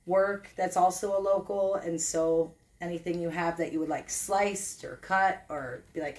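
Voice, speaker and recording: A woman's voice: fairly low pitch, steady tone, a little slow, hardly any pauses, darkish tone. A woman guest describing an event she is organizing, friendly and informal. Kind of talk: casual interview chat.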